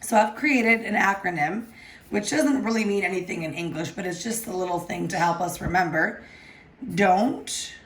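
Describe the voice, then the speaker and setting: A woman's voice: medium pitch, moderate pace. A woman teaching a recorded grammar lesson, patient and often checking with "okay?". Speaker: Spanish teacher.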